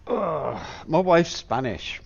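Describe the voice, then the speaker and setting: A man's voice: on the high side, big pitch swings, slow, gravelly, slightly rough, highs cut off. A middle-aged man from Plymouth, England, chatting casually over his gameplay and musing aloud with many fillers. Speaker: gameplay streamer.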